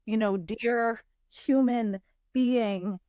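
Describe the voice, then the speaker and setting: A woman guest on a podcast, musing in a halting, spiritual way with many pauses. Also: fairly high pitch, fairly even intonation, dark tone, no echo. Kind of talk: reflective interview chat.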